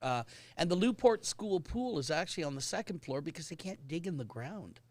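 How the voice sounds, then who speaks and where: A man's voice: fairly high pitch, lively intonation, dry recording. A man hosting a casual talk show, reading out viewer comments and teasing his guests. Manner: brisk, relays comments, teasing. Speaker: host.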